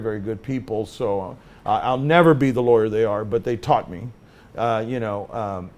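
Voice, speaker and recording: A middle-aged man teaching a class as a lawyer, telling stories and acting out both sides of the conversations in an animated way. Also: mid-range voice. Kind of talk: lecture with acted-out anecdotes.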